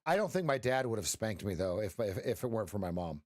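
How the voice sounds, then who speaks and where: A man's voice: on the low side, very animated, quick pace, darkish tone, no echo, studio quality. A middle-aged man hosting a casual live trading stream as a coach, rambling and joking with frequent restarts and "right?" tags.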